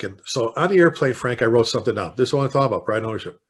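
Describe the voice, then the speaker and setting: Older Chicago man, a fire chief who tells war stories with gusto. He talks casually at a middle pitch and now and then works himself up into a passionate rant. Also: racing, slightly rough. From Chicago, United States. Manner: lively storyteller, slips into impassioned rants. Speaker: guest, veteran fire chief. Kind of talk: casual podcast interview.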